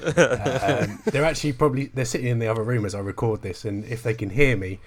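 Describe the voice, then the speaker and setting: A man's voice: mid-range voice, a little fast, crowd noise. A man hosting a podcast in casual chat, hesitant, with many ums and chuckles. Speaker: podcast host.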